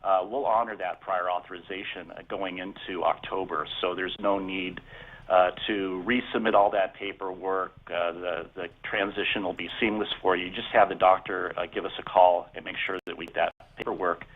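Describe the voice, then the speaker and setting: A man calls in to a radio talk show and explains insurance details steadily, with a few fillers along the way. His voice sits a bit low. He comes through a thin, tinny phone line. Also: fairly even intonation, normal speed. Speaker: health insurance representative. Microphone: telephone.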